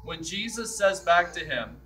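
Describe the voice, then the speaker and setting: Man, priest, sermon, high voice, conversational, quoting scripture with feeling, heard from a distant mic. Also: expressive, a little slow, pushed and bright, a little hiss or hum. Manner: conversational, acts out scripture quotes. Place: church.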